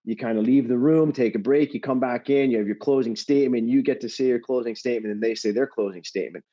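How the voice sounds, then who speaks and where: A middle-aged man, a former pro athlete, chatting as a podcast guest and telling an animated anecdote, laughing often and swearing now and then. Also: mid-range voice, quick pace. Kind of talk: casual chat, storytelling. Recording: slightly dull lo-fi audio.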